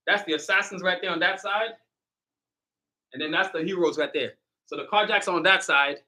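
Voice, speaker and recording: An artist hosting his own livestream speaks in a sharp, high-sitting voice. He talks casually and straight to his viewers, hyped up, motivational, and full of slang.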